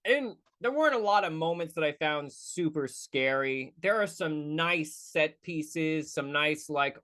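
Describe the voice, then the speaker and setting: A man hosting a podcast, casually reviewing a movie on his own, rambling and correcting himself, with profane asides and quick mock voices. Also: a little high, expressive, sharp tone. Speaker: podcast host.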